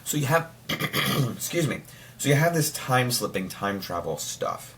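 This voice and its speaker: A man's voice: mid-range voice, a little slow, vocal fry, a little hiss or hum. A young man in casual chat, reviewing a TV show with lots of restarts and fillers, now and then breaking into mock voices. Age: young adult. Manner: rambling, many restarts and filler words; excitable, slips into mock voices.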